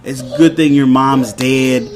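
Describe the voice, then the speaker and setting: A man's voice: medium pitch, fairly even intonation, measured pace, a little mellow, a little hiss or hum. A man in his thirties casually recapping a TV episode, rambling and retelling scenes with quoted lines and chuckles. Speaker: show host reviewing a TV episode.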